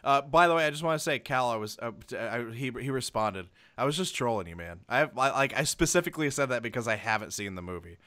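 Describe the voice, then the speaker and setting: A man's voice: medium pitch, lively intonation, quick pace, few pauses, sharp tone. A young adult man co-hosting a podcast, rambling through a film review and acting out favorite scenes. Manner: rambling, acts out scenes in retelling. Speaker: podcast co-host. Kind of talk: casual film review chat.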